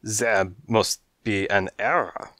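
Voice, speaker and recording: A suave, courtly tomcat with a French accent, as a male audiobook reader puts him on. He speaks slowly and elegantly, each word persuasive. The voice sits low and the sound is dry and close. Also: fairly even intonation, fairly bright tone, no echo. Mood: smooth, persuasive. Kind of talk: audiobook character voice.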